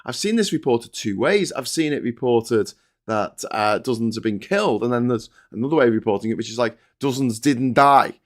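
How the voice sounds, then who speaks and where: A man's voice: mid-range voice, animated, moderate pace. A middle-aged British man hosting a live stream, reading chat aloud and giving wry, chatty commentary on the papers. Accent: British English. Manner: sardonic, chatty, reads chat and mocks headlines in silly voices. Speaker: host.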